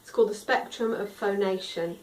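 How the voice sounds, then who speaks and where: A woman's voice: medium pitch, normal speed, a little mellow, far from the mic. A woman teaching singing, explaining vocal tone in a friendly, instructive way. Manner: friendly instructive, demonstrates sung tones. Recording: roomy echo, a little off mic.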